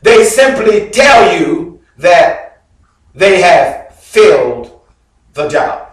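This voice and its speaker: A male bishop delivers a sermon in a high, very animated voice, taking his time over every phrase. He tells his story dramatically, alternating loud bursts with hushed drops. The sound comes from well back from the mic and rings around a very reverberant church hall. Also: drawn-out words. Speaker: bishop preaching. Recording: very echoey hall, mic far off.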